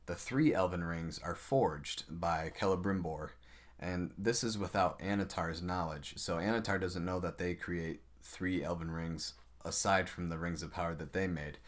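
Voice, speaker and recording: A man co-hosting a podcast, casually explaining lore with many fillers and playful jokes. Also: deep voice. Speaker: podcast co-host. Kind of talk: casual chat.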